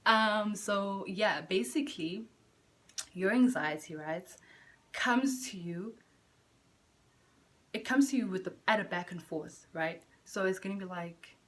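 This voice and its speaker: A young woman vlogging from home in candid, profane, slang-filled chat, jumping between loud bursts and soft near-whispers. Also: medium pitch, measured pace, pauses often. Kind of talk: casual chat to camera.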